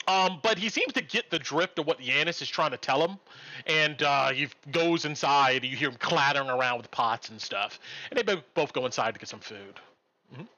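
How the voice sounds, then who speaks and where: A man running a live-streamed tabletop game, narrating the scene in a bright, animated voice that swings up and down. He fills pauses with frequent "um"s as he describes each moment. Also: a little high, muffled recording. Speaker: game master.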